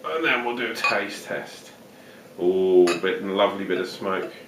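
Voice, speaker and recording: Chatty vlogger, male, hamming up a put-on Australian accent, low-pitched, recorded from a distance in a roomy space. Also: measured pace, background noise. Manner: chatty, jokey, rambling with fillers. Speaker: vlogger reviewing beer. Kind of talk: casual beer review vlog. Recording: roomy, distant home-video sound.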